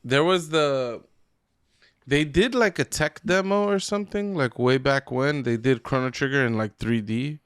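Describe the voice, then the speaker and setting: A man co-hosting a podcast, chatting excitedly about video games. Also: medium pitch, moderate pace, clean tone, no room sound, clean studio sound. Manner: excitable, chatty gamer talk. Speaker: podcast co-host. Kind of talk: casual chat.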